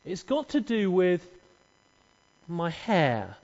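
A man's voice: high voice, huge pitch swings, takes it slowly, a little mellow, exaggerated voice. A man voicing a boastful young strongman, offhand and bragging, in an echoey hall. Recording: echoey, dull hall recording.

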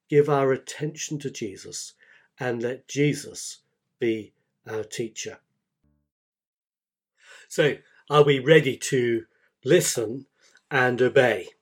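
A male pastor delivers a sermon at an unhurried, measured pace. His pitch sits in an ordinary middle range. He leans on repetition to drive each point home. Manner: slow, deliberate preaching with repeated emphasis.

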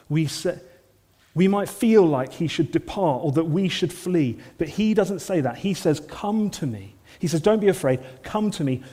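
A man preaching a sermon in an earnest manner, often dropping to soft, intense lines. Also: a little high, long reverb tail.

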